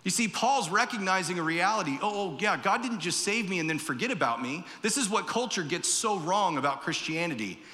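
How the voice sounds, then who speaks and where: A man's voice: sits high, animated, brisk, few pauses, pushed and bright, long reverb tail. A pastor giving a conversational sermon in a church, acting out the voices he quotes.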